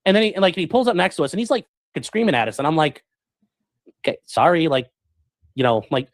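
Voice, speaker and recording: A man chats to his live audience at a brisk clip, his voice bouncing up and down as the story tumbles out with plenty of fillers. His pitch sits a touch high for a man. The recording is dry and close, with no room echo. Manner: rambling, animated, full of fillers and acted-out quotes. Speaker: streamer telling a story. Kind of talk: casual storytelling to a live chat.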